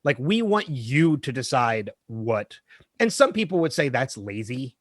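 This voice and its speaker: Animated, lively-voiced male podcast co-host. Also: medium pitch, a little slow, no echo, clean studio sound. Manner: animated, rambling, self-correcting. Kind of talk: casual chat.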